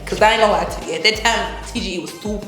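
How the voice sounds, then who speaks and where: Animated woman telling her story. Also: mid-range voice, very fast, reverberant, soft background music. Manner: animated, acts out quotes, laughs often. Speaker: interview guest. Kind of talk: casual storytelling.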